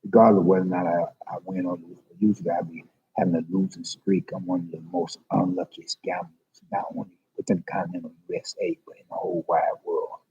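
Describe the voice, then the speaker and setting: Gravelly low-voiced man rambling on a livestream. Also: animated, quick pace. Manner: rambling, emotional, confessional. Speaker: vlogger. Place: public library. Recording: dull lo-fi livestream audio.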